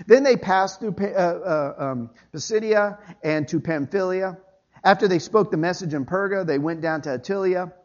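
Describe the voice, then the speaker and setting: A man's voice: high-pitched, normal speed, muffled recording. A male pastor preaching a Sunday sermon in a church, conversational and folksy, with homey asides.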